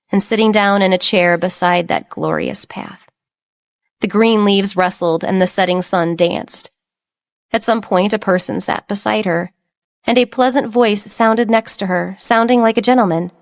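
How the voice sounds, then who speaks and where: A woman reads an audiobook romance aloud in a steady, plain narrating voice. Her pitch sits a little low for a woman. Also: no echo, studio quality. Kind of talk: scripted narration.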